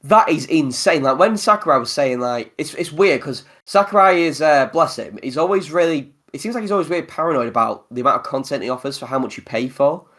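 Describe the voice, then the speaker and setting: A man's voice: a little high, fairly quick, few pauses. Rambling podcast host, man. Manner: rambling, animated, laughs often. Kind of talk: casual gaming chat.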